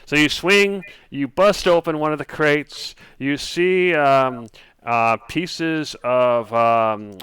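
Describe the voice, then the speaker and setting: A man narrating a tabletop game as game master, halting often with ums and uhs. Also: on the high side, a bit bright, clear, resonant tone, no echo.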